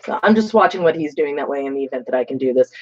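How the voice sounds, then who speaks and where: A woman's voice: low voice, animated, very fast, darkish tone. Grainy-voiced woman rambling on a stream. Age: adult with children. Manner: rambling, joking, many fillers. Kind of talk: casual livestream chat while crafting. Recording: slightly muffled stream audio.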